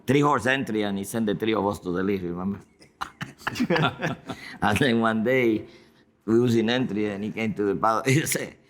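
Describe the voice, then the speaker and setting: A retired jockey with a lowish male voice tells lively racing anecdotes. He chuckles through his stories and talks loosely and conversationally. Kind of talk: anecdotal panel talk.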